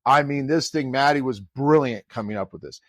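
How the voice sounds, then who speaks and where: A man's voice: medium pitch, moderate pace, dry recording, studio quality. A middle-aged man, a college volleyball head coach, telling a story in a podcast conversation and acting out the people he quotes. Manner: animated storyteller who acts out quoted dialogue.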